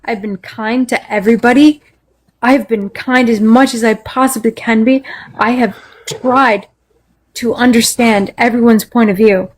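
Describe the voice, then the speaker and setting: A woman's voice: fairly high pitch, fairly even intonation, a little slow. An angry woman in a heated live-stream argument, swearing constantly as she vents. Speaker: panel speaker.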